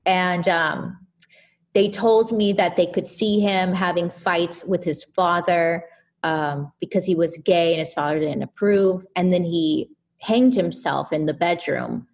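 Chatty, animated low-voiced woman. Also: measured pace, vocal fry. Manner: animated, chatty, filler-heavy. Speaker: podcast guest. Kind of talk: casual storytelling.

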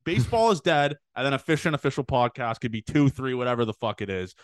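A fast-talking male podcast host in casual chat, words tumbling out quickly. He is excitable and swears freely. The sound is dry and close, with no room echo. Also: medium pitch. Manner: excitable, swears freely, hypes up his guest. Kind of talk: casual podcast chat over video call. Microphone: remote call microphone.

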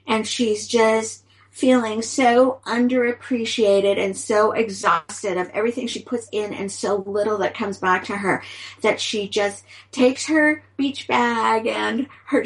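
A woman's voice: medium pitch, creaky, poor audio. A woman co-hosting a podcast who speaks enthusiastically and jokes in a casual chat. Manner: enthusiastic, joking. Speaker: podcast co-host.

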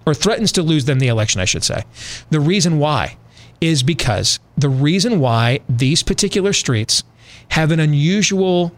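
A man's voice: on the high side, lively intonation, moderate pace. A man hosting a talk radio show who gives emphatic opinions and speaks straight to his listeners. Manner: emphatic, addresses listeners directly. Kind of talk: opinionated commentary.

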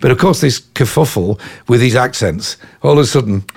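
An English man in his fifties tells road stories in a loose, chatty interview, piling on asides and "you know"s. His voice has a gravelly, fried edge at a middling pitch. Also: a little fast. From England. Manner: chatty, animated anecdotes full of "you know". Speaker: rock musician guest. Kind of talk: casual interview storytelling.

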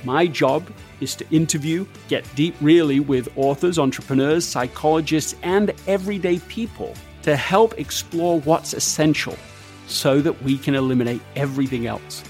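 A man hosting a podcast interview, calm and measured in his delivery. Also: fairly high pitch, faint music behind. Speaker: podcast host.

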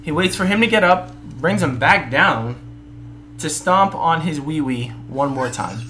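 A man's voice: on the high side, animated, a little slow, pushed and bright, soft background music, rough recording. A young man co-hosting a casual wrestling podcast, joking and playful. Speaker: podcast co-host.

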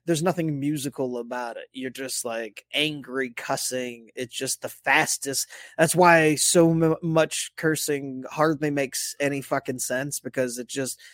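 A man co-hosting a casual podcast, talking in an animated way, laughing often and cursing. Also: a little high, no echo. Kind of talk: casual banter.

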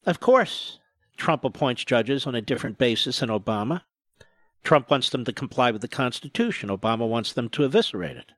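A man's voice: medium pitch, animated, brisk, dry recording, studio quality. A man hosting a talk radio show, delivering emphatic, sarcastic, indignant political commentary.

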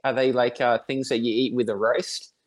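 Reflective Australian man, mid-pitched voice. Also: little pitch movement, normal speed. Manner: reflective, thinks aloud with many fillers. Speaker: podcast guest. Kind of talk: casual conversation.

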